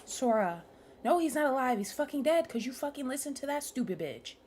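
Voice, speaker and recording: A woman's voice: high voice, very animated, fairly quick, a little mellow, slight background noise. A young woman streamer commenting live on a game, ranting angrily and swearing at the characters. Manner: angry, profane, ranting at characters.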